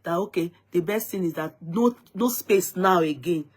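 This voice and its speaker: A woman's voice: lowish voice, moderate pace, husky. Chatty Nigerian woman vlogger. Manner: lively, dramatic retelling, switching into Yoruba phrases. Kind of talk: casual storytelling to viewers.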